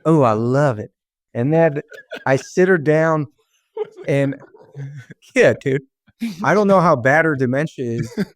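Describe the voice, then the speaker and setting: A man's voice: on the high side, takes it slowly, long pauses, no echo, studio quality. A young man and stand-up comedian, a podcast guest, telling loose, profane stories with laughs. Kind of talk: casual storytelling chat.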